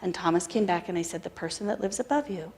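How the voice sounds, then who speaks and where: A woman's voice: lowish voice, fast talker. American woman telling a story at a sermon. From United States. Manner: conversational, animated retelling with quoted dialogue. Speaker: spiritual practitioner speaker.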